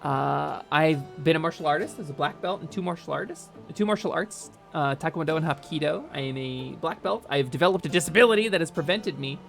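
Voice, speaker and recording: A woman's voice: deep voice, fairly quick, gravelly, few pauses, soft background music. A woman from North New Jersey with a North Jersey accent, chatting frankly to her stream audience with lots of fillers and restarts. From North New Jersey, United States. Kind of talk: candid chat during a game stream.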